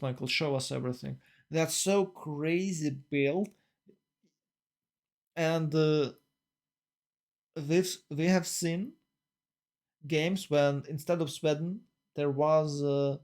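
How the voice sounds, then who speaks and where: A man casting a strategy game tournament live, talking in a rambling, excitable way full of fillers and restarts. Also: on the high side. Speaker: tournament caster. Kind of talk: live esports commentary.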